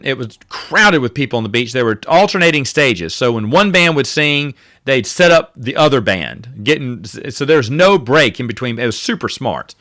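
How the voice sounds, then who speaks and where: A man's voice: medium pitch, bright, forceful tone. A man hosting a podcast, telling rambling, self-correcting stories in a casual monologue. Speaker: podcast host.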